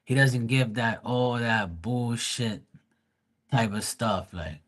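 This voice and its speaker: A man's voice: medium pitch, takes it slowly, fairly bright tone. A man chatting casually on a livestream, blunt and profane, rambling with frequent restarts. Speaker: live stream host.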